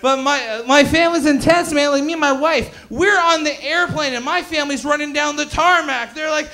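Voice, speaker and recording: Young male stand-up, very high voice, rowdy and crude, working the crowd. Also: normal speed, few pauses, background noise. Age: 20s. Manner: loud, excitable, crude, bantering with the crowd. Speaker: stand-up comedian. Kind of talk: stand-up comedy set. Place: comedy club stage.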